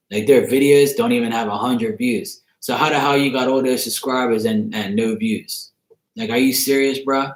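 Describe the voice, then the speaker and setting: A man of middle pitch rants casually to his viewers, swearing freely and breaking into laughter as he tells his story. His voice rings in a roomy, echoey space. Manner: profane, laughing, animated storytelling. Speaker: tarot channel host. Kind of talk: casual rant to camera. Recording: roomy echo.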